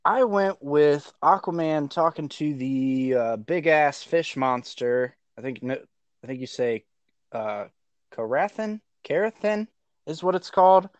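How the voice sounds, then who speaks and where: A relaxed man hosts a casual geek podcast, taking his time with every sentence. His delivery is unhurried and loose, with an occasional curse word. The recording is dry and close, with almost no room sound. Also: on the high side, no room sound. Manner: laid-back, swears casually, laughs often. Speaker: podcast co-host.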